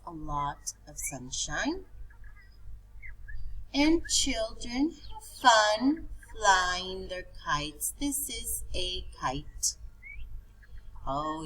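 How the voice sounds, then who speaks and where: A woman's voice: fairly low pitch, a bit bright, husky, rough recording. A woman teaching preschool children, pointing things out in a sing-song, coaxing way.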